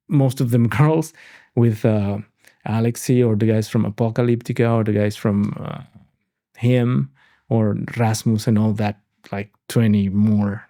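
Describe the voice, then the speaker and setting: Middle-aged male host; mellow, gravelly, animated and profane. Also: medium pitch. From Mexico. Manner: animated, swearing, laughing storyteller. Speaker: podcast host. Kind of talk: casual podcast conversation.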